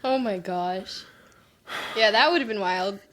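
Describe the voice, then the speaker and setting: A woman hosting a casual interview, laughing often and chiming in with quick supportive replies. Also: mid-range voice, fairly bright tone. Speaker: podcast host.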